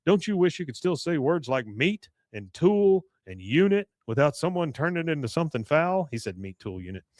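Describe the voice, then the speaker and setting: Male podcast co-host, somewhat high voice, dry and close, chatty recapper who laughs as he quotes scenes. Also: expressive, moderate pace, a little mellow, no room sound. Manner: retells scenes quoting characters, laughing often.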